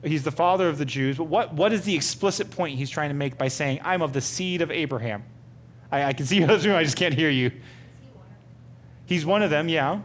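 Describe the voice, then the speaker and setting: Man teaching Bible study, higher-pitched voice. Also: brisk. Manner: asks the group many questions, conversational with fillers. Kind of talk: interactive Bible study lesson.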